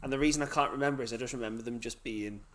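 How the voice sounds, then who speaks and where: Fast-talking young man. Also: medium pitch. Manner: swearing, animated storytelling with acted-out quotes. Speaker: podcast co-host. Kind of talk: casual chat.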